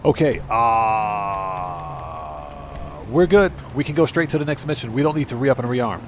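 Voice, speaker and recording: A man live-streaming a video game, chatting casually and excitably with his viewers from a home streaming setup. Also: mid-range voice, unhurried, a little hiss or hum. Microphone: streaming setup microphone.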